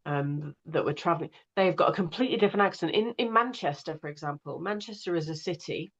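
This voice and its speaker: A woman's voice: sits low, fast, lo-fi sound. A woman, an audiobook narrator chatting casually and digressively as a guest. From northwest England. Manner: chatty, digressive, many fillers. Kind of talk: casual conversation.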